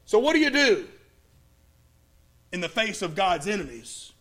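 This preacher's voice is high and his pitch swings widely as he recounts a Bible story in his sermon. Dramatic pauses punctuate delivery that moves from loud to hushed.

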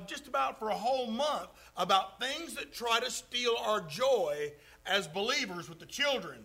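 Preaching to a congregation, a man leans hard on key words, drawing out the stresses emphatically. His voice is high and sharp, and the recording is rough.

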